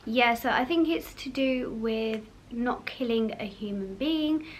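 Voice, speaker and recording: A young woman chatting casually to camera as a vlog host, full of fillers and quick laughs. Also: on the high side, slight background noise.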